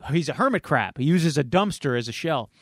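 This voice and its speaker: Playful male podcast host, slightly high, dry close mic. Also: a little fast, no room sound. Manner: animated, playful storyteller. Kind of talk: casual chat, retelling a comic.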